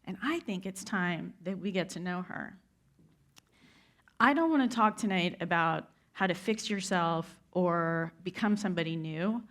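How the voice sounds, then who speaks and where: A woman's voice: lowish voice, measured pace. Woman giving a heartfelt motivational talk on stage, talks right to the crowd. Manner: heartfelt storytelling, addresses the audience directly. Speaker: keynote speaker. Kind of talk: inspirational speech. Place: event stage before a live audience.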